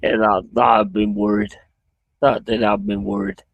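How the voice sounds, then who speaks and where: A man's voice: fairly low pitch, animated, moderate pace, creaky, dry recording, dull audio. A young man chatting casually on a live stream, sweary and prone to ranting. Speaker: streamer watching a football match.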